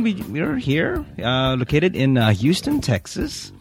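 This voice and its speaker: A man's voice: a little high, wildly swooping pitch, measured pace, creaky, faint music behind. A man co-hosting a casual podcast, chatting in a rambling way with lots of fillers and laughs. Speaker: podcast co-host. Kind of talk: casual chat. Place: Houston, Texas studio.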